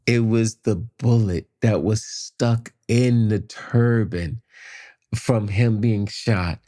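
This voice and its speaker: A man telling a personal story in casual conversation, animated, acting out voices and sound effects. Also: on the low side, takes it slowly. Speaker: podcast guest.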